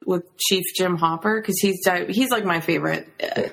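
A woman in a casual chat who talks eagerly about her favorite scenes and is quick to correct. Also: on the low side, vocal fry.

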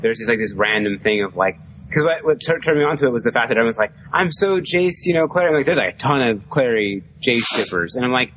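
Halting man over clear background noise. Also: medium pitch, expressive, a bit bright, poor audio. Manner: halting, filler-heavy, with quoted reactions. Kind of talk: casual chat.

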